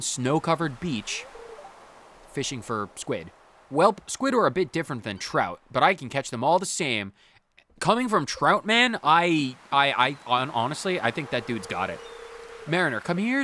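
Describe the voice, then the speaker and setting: A man hosting a let's play, giving rambling, animated commentary and often repeating himself. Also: mid-range voice, slight background noise. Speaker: gaming channel host.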